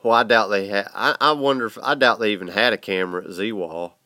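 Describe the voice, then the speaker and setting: A man's voice: on the low side, fairly quick, bright, forceful tone. A man with a Southern US drawl hosting a podcast in casual chat, laid-back and a bit congested from a sinus infection. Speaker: podcast host.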